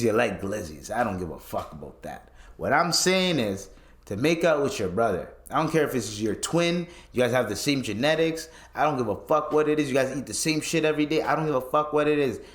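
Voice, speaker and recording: A man's voice: medium pitch, echoey room. Man ranting profanely on his podcast. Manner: profane, animated ranting with laughs. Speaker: podcast host. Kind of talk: casual solo podcast rant.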